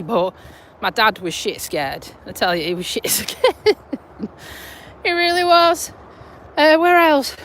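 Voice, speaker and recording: A woman's voice: fairly high pitch, lively intonation, slow, pauses often, a bit bright, slight background noise. A woman in her forties from the UK, chatting and rambling on a live stream while walking her dog outdoors, talking into a phone. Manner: chatty, rambling, laughs easily. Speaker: vlogger. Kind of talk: casual live-stream chat.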